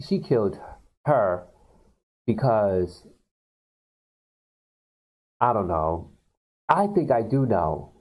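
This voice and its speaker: A man casually recapping a movie in a loose, rambling way and slipping into voices for the characters. His voice has a mellow, darker tone at a middling pitch. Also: low-quality recording. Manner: rambling, acts out characters' lines. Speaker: YouTube host.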